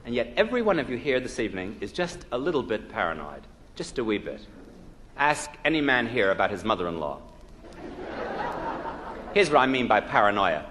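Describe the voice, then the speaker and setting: A man's voice: mid-range voice, a bit bright. A man from the United States lectures on psychology with a comedian's timing, his voice rising and falling freely as he tells jokes and quizzes the audience. It sounds like a 1961 live LP, with a long hall reverb and a faint hiss underneath. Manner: joke-telling, quizzing the audience with rhetorical questions.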